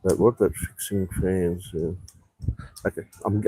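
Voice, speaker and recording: A man's voice: deep voice, fairly even intonation, a little slow, warm tone, husky, no echo. A man chatting on a rambling live stream from an outdoor rooftop bar, swearing freely and reading out viewer comments. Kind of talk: casual live stream chat.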